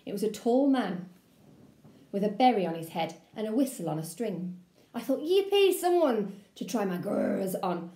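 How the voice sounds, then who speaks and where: A woman primary school teacher reading a children's book aloud to her class, with an expressive, playful delivery. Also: mid-range voice, reverberant.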